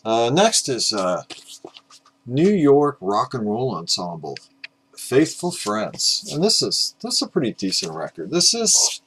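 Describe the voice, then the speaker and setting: An exhausted middle-aged man, up all night, talks through his record pile in a loose, rambling way. His voice sits at an ordinary middle pitch, and he trails off into fillers and mutters jokes at his own expense. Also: wildly swooping pitch, a little slow, a bit bright, a little hiss or hum. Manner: rambling, self-deprecating, with frequent "uh" fillers. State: exhausted, up at five in the morning. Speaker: record collecting video host. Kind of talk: casual rambling vinyl chat.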